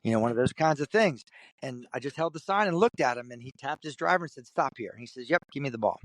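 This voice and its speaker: A man from Kentucky tells a story as an interview guest, animated and lively, acting out the voices of the people in it. His voice sits at a middle pitch. The sound is dry and close, with no room echo. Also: quick pace. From Kentucky, USA. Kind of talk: storytelling in conversation.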